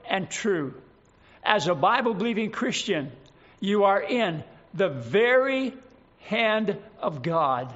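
Slow, earnest high-voiced male preacher. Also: lively intonation, a bit bright, dull audio. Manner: earnest and emphatic, slows down on scripture. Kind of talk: sermon.

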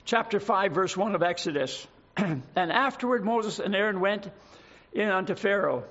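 High-voiced man preaching scripture. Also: moderate pace, a bit bright. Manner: reads scripture aloud with dramatic emphasis, adds asides. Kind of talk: sermon with scripture reading. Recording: dull lo-fi recording.

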